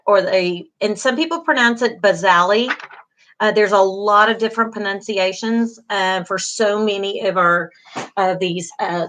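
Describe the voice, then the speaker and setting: A middle-aged beauty school instructor gives an online class lecture in a mid-range, fairly bright voice, with slight background noise. She is encouraging, uses many fillers and keeps repeating key terms.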